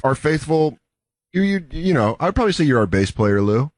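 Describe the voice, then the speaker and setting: A man's voice: a little high, moderate pace, no echo, studio quality. A man co-hosting a comedy talk show, joking casually and acting out quoted people. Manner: animated, joking, acts out quoted voices. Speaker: comedy podcast co-host.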